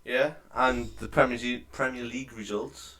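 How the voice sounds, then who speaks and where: A man's voice: mid-range voice, fairly even intonation, normal speed, a bit bright. A man from North East England, co-hosting a podcast in casual, sweary banter. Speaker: podcast co-host. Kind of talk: casual chat.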